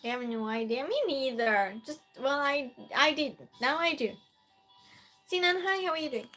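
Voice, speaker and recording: A woman's voice: high voice, normal speed, pushed and bright, faint music behind. A woman hosting a casual live stream, greeting viewers by name and reading their comments aloud during a true-or-false game.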